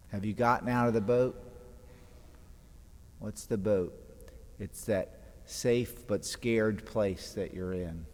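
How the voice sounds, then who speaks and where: A man's voice: fairly low pitch, darkish tone. A man preaching a homily as a priest, retelling the gospel story dramatically and acting out the voices in it. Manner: dramatic retelling, voicing scripture quotes. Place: church. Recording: long church reverb.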